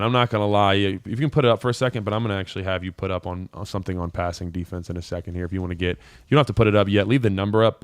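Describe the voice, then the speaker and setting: A young adult man hosting a live call-in show, breaking down football film in a casual, animated way. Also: on the low side, no room sound, studio quality. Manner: casual, animated, voices players' thoughts. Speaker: host.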